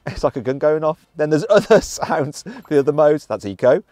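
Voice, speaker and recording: A man's voice: a little high, animated, normal speed, darkish tone, dry recording, faint music behind. A man from the English Midlands with a British accent, presenting a car review in an upbeat, playful, chatty way. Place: in and around a car.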